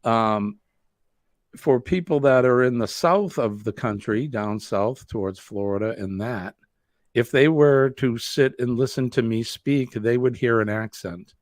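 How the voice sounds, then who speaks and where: A man's voice: mid-range voice, a little slow, no room sound, clean studio sound. A man from New England with a Boston accent, hosting a live stream, chatting in a rambling way and answering viewer comments. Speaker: host.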